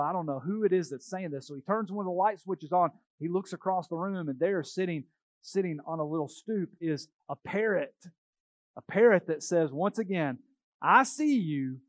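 A man's voice: fairly high pitch, a little mellow, no room sound. Conversational male pastor preaching. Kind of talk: sermon.

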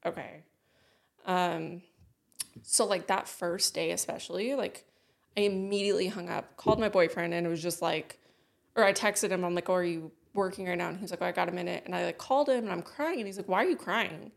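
A woman's voice: lowish voice, brisk, gravelly. A woman co-hosting a podcast, telling a personal story in blunt casual chat with lots of swearing. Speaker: podcast co-host.

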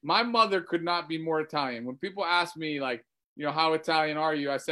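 A man's voice: on the high side, brisk, pushed and bright. A man co-hosting a casual video call chat, joking and telling stories. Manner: joking, storytelling. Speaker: co-host, former ballplayer.

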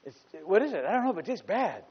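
A man voicing small scavenging raccoons in a sermon anecdote, hushed and quick, with a conspiratorial tone. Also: sits high, big pitch swings, husky, dull audio, heavily acted. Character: sneaky male raccoons scavenging by a trash can.

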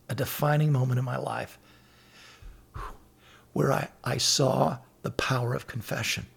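A middle-aged man with a gravelly, rough-edged voice tells personal stories in an earnest, conversational way. He quotes scripture and acts out both sides of old conversations. His pitch sits in an ordinary middle range. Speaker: podcast guest sharing faith stories. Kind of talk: casual faith talk.

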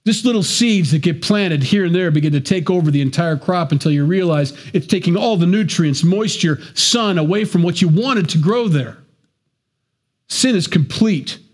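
A man's voice: high-pitched, expressive, moderate pace, darkish tone. A man preaching a sermon to his congregation, talking conversationally with joking asides. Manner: conversational preaching with asides and self-deprecating jokes. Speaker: pastor.

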